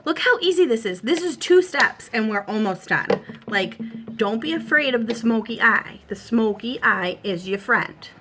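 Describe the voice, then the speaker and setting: A woman's voice: fairly high pitch, lively intonation, moderate pace, a bit bright, slight background noise. A woman in her thirties with a Boston accent, hosting a casual makeup tutorial at home and talking the viewer through it with reassurance and plenty of fillers. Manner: chatty, reassuring, lots of fillers.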